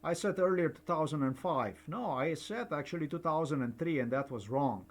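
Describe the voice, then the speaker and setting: A man's voice: on the high side, expressive, moderate pace. An older man, giving rambling personal commentary that repeats and digresses. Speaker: vlogger.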